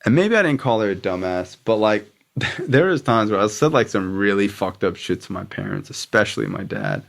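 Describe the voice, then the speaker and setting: A man's voice: fairly low pitch, animated, moderate pace, gravelly. A young man, a podcast guest, telling a blunt, profane story about his past in a casual way.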